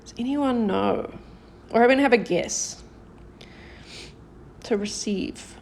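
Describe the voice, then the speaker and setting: A woman teaches a live-streamed lesson in a slightly high, light voice. She is patient and encouraging, cheering on viewers by name, and slows right down whenever she models an example sentence. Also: creaky, darkish tone, a little hiss or hum. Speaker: Korean language teacher.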